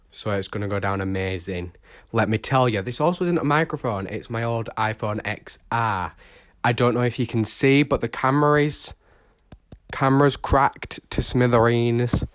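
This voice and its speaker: A man's voice: medium pitch, normal speed, no echo, clean studio sound. Chatty young man, phone mic. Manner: rambling, self-mocking, chatty. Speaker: vlogger. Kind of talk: casual chat to camera. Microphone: old smartphone used as microphone.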